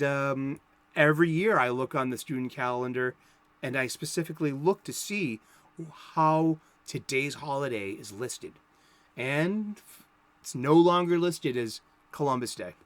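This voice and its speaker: A man's voice: fairly high pitch, no room sound. Rambling Boston man chatting. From South Boston, USA. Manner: rambling, self-interrupting, chatty. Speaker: comic book talk host. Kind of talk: casual rambling monologue.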